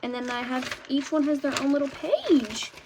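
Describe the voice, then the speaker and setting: A young woman vlogging in a chatty, excitable way about her favorite shows and books, often ending points with "okay?". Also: high-pitched, normal speed, slight background noise.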